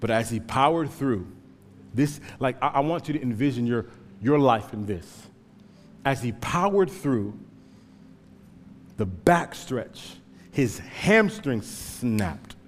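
A man preaching a sermon with passion, swinging from hushed, slow storytelling to loud pleading. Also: mid-range voice, expressive, long reverb tail, a little hiss or hum. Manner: impassioned, swings from hushed to shouting. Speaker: pastor.

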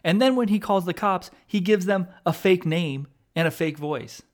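A young adult man hosting a podcast in casual chat, laughing a lot, swearing freely, and getting loud when he is worked up. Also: sits high, moderate pace. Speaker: podcast host.

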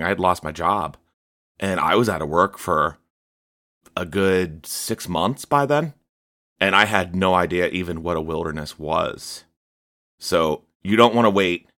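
A man with a very deep voice talks through a personal testimony on a podcast. He speaks haltingly and reflectively, with frequent fillers. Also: pushed and bright. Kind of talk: casual testimony chat.

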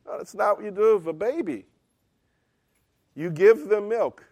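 A middle-aged man with a high voice preaches a sermon, swinging from loud, emphatic bursts down to hushed lines. The sound is dry and close, with no room around him. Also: unhurried, pauses often, no room sound. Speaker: pastor.

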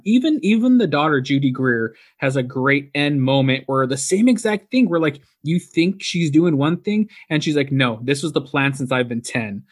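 A man's voice: fairly high pitch, animated, normal speed, hardly any pauses. A young man co-hosting a casual movie review podcast, chatty and full of fillers. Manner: chatty, filler-heavy, lots of "like" and "you know". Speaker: podcast co-host.

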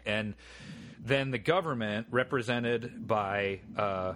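A man's voice: on the low side, slow, fairly bright tone, a little hiss or hum. Rambling man recapping a movie. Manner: rambling, acts out quoted lines in funny voices. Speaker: podcast co-host. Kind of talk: casual film review chat.

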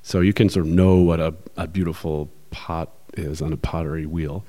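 A man with a very low, deep voice talks through ideas on a podcast. He explains patiently and thinks aloud, with plenty of fillers as he goes. It is a casual, conversational discussion. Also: fairly even intonation, moderate pace, warm tone. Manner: explanatory, thoughtful, with many fillers. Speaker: podcast co-host.

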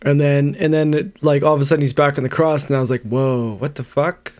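Man, fairly high voice, jokey casual film chat. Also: little pitch movement, quick pace, darkish tone.

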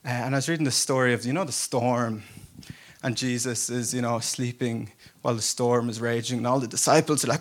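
A man's voice: mid-range voice, a little fast. Chatty, laughing male preacher. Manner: casual storytelling, self-deprecating humor, laughs often. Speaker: pastor. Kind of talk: conversational sermon. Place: church service before a congregation.

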